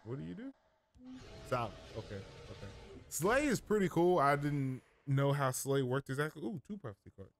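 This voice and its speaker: A man's voice: medium pitch, big pitch swings, moderate pace, a little hiss or hum. A man giving casual gameplay commentary as a streamer, thinking aloud, rambling and often correcting himself mid-sentence.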